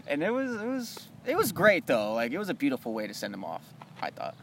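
Fast-talking young man chatting casually. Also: fairly high pitch, wildly swooping pitch, gravelly, fairly bright tone, slight background noise. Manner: fast, loose, swears casually, says dude and bro. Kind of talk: casual chat about movies.

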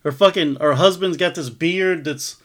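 High-voiced man ranting indignantly. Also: normal speed, a bit bright. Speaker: podcast co-host. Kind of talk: casual profane chat.

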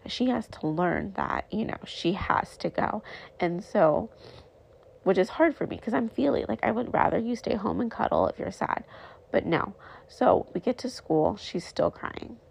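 A woman's voice: mid-range voice, expressive, normal speed, vocal fry, a little mellow, slight background noise. A woman casually telling a parenting story to camera, rambling and chatty with lots of filler words. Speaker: mother sharing parenting stories.

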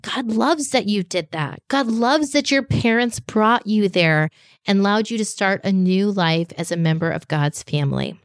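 A woman hosting a children's faith podcast, speaking directly to kids in a slow, emphatic teaching voice. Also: mid-range voice, no room sound, studio quality. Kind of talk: scripted faith lesson for children. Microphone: podcast microphone.

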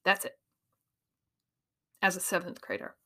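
Animated motivational woman speaker. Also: on the low side, measured pace. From Iowa, USA. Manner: animated, emphatic, acts out quoted voices. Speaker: speaker and coach. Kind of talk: motivational talk.

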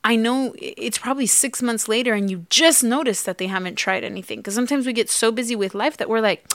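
A woman's voice: a little high, fast, fairly bright tone, no echo. A woman co-hosting a relationship podcast, talking in casual chat with a heartfelt, confessional manner and acting out remembered quotes. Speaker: podcast co-host.

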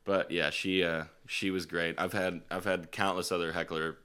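A man with a very low voice hosts a laid-back podcast. He tells stories about bar gigs bluntly and swears freely. The delivery is animated and casual. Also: normal speed, clean tone. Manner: profane, blunt, animated storyteller. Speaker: podcast host and gigging musician. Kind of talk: casual podcast chat and storytelling.

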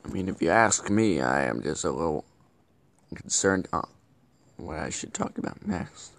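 A man's voice: deep voice, expressive, normal speed, vocal fry. A man playing a bumbling, scheming male villain who hosts a comedic web show, rambling and correcting himself as he goes. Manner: rambling, stumbling and self-correcting. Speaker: show host. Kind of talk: comedic character vlog.

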